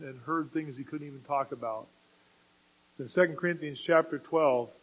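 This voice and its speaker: A man preaching a sermon, moving from quiet explanation to loud, emphatic passages. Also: fairly high pitch, breathy edge, rough recording.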